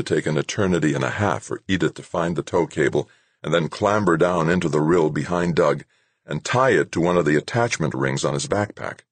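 Deep-voiced husky male narrator. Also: fairly quick, no echo. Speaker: audiobook narrator. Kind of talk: scripted narration.

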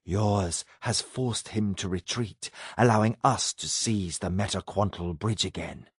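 A man voicing a cold, commanding inhuman entity in a low, hushed, measured voice for an audiobook. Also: husky, no echo, clean studio sound. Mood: cold urging.

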